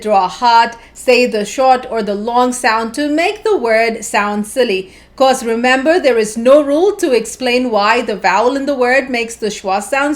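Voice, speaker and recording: A woman narrating a phonics lesson for parents, carefully sounding out syllables. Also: on the high side. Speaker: phonics teacher. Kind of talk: instructional video narration.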